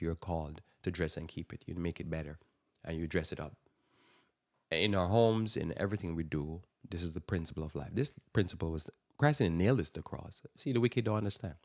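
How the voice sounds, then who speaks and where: Deep-voiced man preaching on radio. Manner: emphatic, repeats phrases for stress. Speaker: radio talk show host. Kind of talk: preaching Bible talk.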